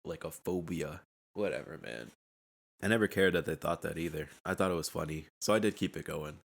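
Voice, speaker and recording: A man's voice: extremely low pitch, fairly quick, vocal fry. A young man hosting a casual solo podcast, rambling in a laid-back way and laughing at himself. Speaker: podcast host. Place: at home.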